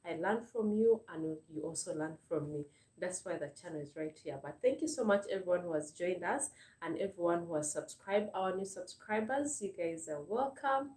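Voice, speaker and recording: A woman with a Ugandan English accent hosts a live stream, her lowish, darkish voice carrying lively intonation at a normal speed. She chats casually and earnestly, thanking viewers often, repeating words and leaning on fillers. The room sounds spacious and she sits far from the mic, slightly off-axis.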